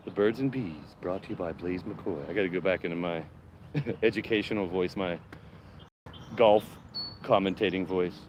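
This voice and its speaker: A man chatting casually on a live stream from his home garden, excitable and talkative. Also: low voice, normal speed, pauses often, dull audio, background noise. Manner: excitable, chatty, cheering bees on.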